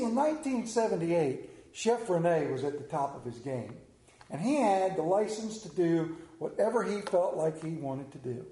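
A man's voice: sits high, dark tone, echoey room, rough recording. A man, preaching a sermon and telling a story in a folksy, drawling manner. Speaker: pastor. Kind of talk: sermon with scripture reading and prayer.

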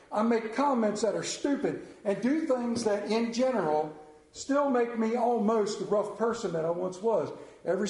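A man delivers a folksy, earnest sermon, speaking of his own faith and reading scripture aloud. His voice sits high, with a mellow, dark tone. The sound is echoey, as if in a large room. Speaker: preacher.

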